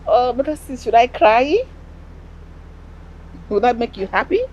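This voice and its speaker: A woman's voice: a little high, expressive, measured pace, lo-fi sound, slight background noise. An actress with a Nigerian accent playing a dismissive queen mother who mocks her son's complaint. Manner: dismissive, mocking. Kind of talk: film drama acting.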